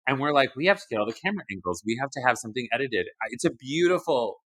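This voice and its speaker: A man with a bright, clear voice chats on a podcast, cutting in with teasing remarks. His pitch swings a lot, and the sound is close and dry. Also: rapid-fire, no echo, low-quality recording. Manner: lively, interjecting, teasing. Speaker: podcast guest. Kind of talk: casual chat.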